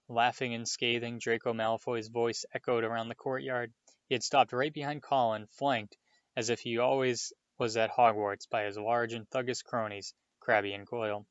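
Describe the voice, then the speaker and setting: A man reading a novel aloud in a steady storytelling manner, with small slips. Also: mid-range voice, normal speed, no echo. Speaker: audiobook reader. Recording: dull, dry lo-fi home recording.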